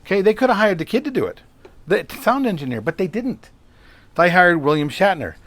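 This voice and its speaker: A man's voice: high voice, expressive, a little fast, a bit bright, no room sound. A middle-aged man hosting a solo podcast, talking conversationally and telling a story with rhetorical questions. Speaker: podcast host.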